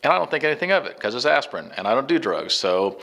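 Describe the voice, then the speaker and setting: A middle-aged man casually telling a rambling personal anecdote, slipping into quick imitations of the people in it. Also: medium pitch, big pitch swings, a bit bright. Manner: rambling, conversational, mimics others' lines. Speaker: storyteller.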